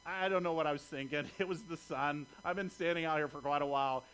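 A man's voice: a little high, quick pace, a bit bright, a little hiss or hum, natural voice, poor audio. A man voicing a tired, grumbling grown fisherman, complaining in a weary, whiny way. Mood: sheepish.

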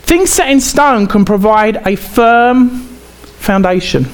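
A man with an English accent preaching a sermon in a conversational way, halting and often repeating himself. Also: sits high, expressive. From England.

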